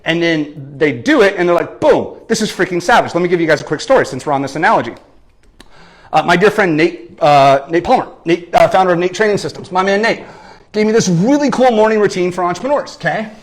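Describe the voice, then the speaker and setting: High-pitched energetic man coaching. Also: brisk. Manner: animated, keeps adding "okay?" and "right?". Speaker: business coach. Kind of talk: energetic marketing talk. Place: lives in San Diego.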